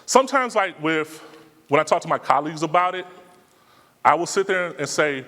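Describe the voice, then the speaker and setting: A man's voice: fairly high pitch, expressive, moderate pace, long pauses, a bit bright. A man speaking casually in slang, answering audience questions at a live talk. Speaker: conference speaker. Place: conference hall. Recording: long hall reverb.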